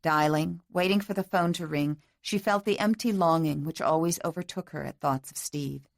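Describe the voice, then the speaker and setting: A woman narrating a romance audiobook in a measured, even storytelling manner on a close mic. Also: low-pitched, creaky, dry recording. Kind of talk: scripted narration.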